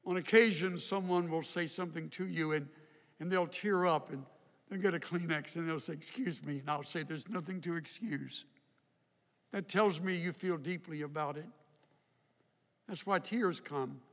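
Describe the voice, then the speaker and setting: An older man preaching a sermon in a slow, reflective way, with emphatic rises. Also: fairly high pitch, a bit bright. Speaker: pastor. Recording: hall reverb.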